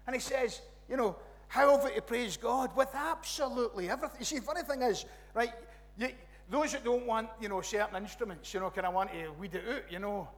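High-voiced Scottish preacher in a reverberant church. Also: male voice, fairly quick. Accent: West Coast Scottish. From Scotland. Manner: animated, rambling with restarts and "you know, right?" asides. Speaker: pastor. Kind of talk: conversational sermon.

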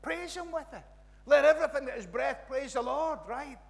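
High-voiced Scottish preacher in a reverberant church. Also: male voice, normal speed, vocal fry. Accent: West Coast Scottish. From Scotland. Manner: animated, rambling with restarts and "you know, right?" asides. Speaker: pastor. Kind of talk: conversational sermon.

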